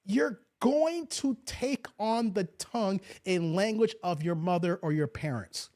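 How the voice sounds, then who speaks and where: A man in his forties speaks with a Chicago accent that carries a slight country twang. His voice sits high for a man and swings widely up and down as he hosts a loose, joking commentary stream and talks straight back to the people in his chat. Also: lively intonation, measured pace, darkish tone. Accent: Chicago with a slight Kentucky twang. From Chicago suburbs. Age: 40s. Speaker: YouTube commentary host. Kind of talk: casual livestream commentary.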